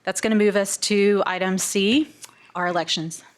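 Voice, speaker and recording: A woman at a mid-range pitch chairs a public board meeting. She reads a formal welcome statement in a measured, steady way, with the odd small filler between passages. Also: a little hiss or hum.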